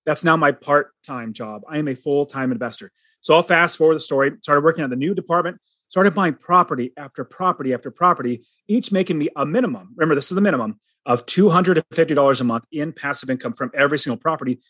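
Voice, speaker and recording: A man's voice: on the high side, fast, fairly bright tone, no room sound. A middle-aged man telling his personal story as a guest, earnest and dramatic, acting out the lines he quotes.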